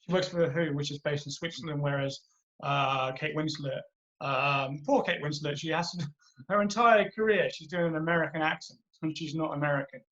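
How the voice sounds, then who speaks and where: A man's voice: fairly high pitch, fairly quick, a bit bright. A British man co-hosting a comedy podcast, talking films in a hesitant way with many restarts. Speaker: podcast co-host. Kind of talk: casual movie chat. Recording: muffled lo-fi audio.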